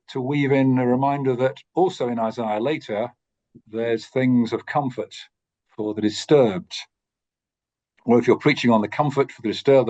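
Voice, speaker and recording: A man teaching a course on preaching, speaking in a thoughtful, measured way with frequent pauses and restarts. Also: mid-range voice, darkish tone, muffled recording. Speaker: course tutor.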